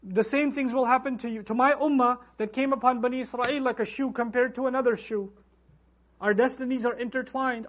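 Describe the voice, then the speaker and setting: A man teaching a Quran lecture, speaking emphatically and reciting Arabic verses between his English explanation. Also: high-pitched. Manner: emphatic, acts out quoted voices. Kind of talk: religious lecture.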